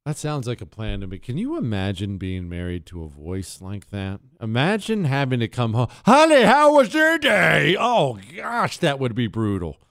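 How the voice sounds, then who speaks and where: A man's voice: fairly low pitch, big pitch swings, normal speed, few pauses, no echo, clean studio sound. A man hosting a talk show, ranting in a sarcastic, exasperated monologue.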